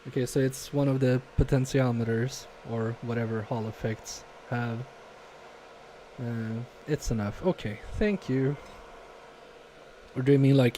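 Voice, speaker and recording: A man talks unhurriedly in a mellow, darker tone while he solders and chats on a live stream. He reads viewer comments aloud, mutters to himself and pokes fun at his own mistakes. A faint hiss sits under his voice at his home workbench. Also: medium pitch, a little slow. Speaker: live-stream repair technician.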